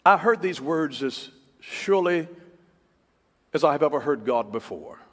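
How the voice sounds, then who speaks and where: Brief: male preacher, high and lively voice, emphatic repeats, long hall echo. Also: unhurried. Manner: emphatic, repeats key phrases, swings from loud to hushed. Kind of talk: sermon.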